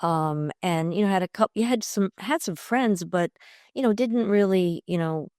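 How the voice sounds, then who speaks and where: A woman's voice: fairly low pitch, moderate pace, mellow, no echo, clean studio sound. A middle-aged woman from Long Island, a podcast guest talking in an enthusiastic, chatty way with many fillers. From Long Island, New York. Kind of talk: conversational interview.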